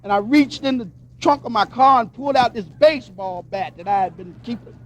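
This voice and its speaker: A man with a notably high voice tells his recovery story to a convention crowd. He speaks emphatically, slipping into the voices of the people in it. He grew up in Pennsylvania. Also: expressive, fairly quick. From Pennsylvania, USA. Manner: emphatic storytelling, acts out dialogue. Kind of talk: personal testimony speech.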